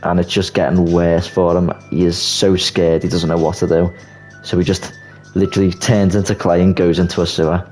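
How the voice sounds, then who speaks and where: A young man casually pitching a movie plot, telling it as an animated story with swearing and quick restarts. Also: poor audio. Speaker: YouTuber. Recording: faint music bed.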